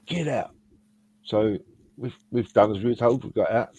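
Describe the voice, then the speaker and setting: A man's voice: fairly low pitch, steady tone, moderate pace, warm tone, dry recording. A man on a fan podcast panel, telling a rambling story in casual chat with frequent restarts. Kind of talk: casual anecdote. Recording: dull lo-fi sound.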